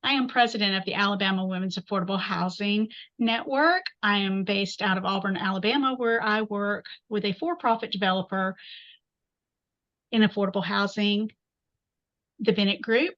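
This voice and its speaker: A woman's voice: medium pitch, moderate pace, fairly bright tone, dull audio. Chatty woman webinar host. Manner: upbeat, chatty, folksy. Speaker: host and chapter president. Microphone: video call.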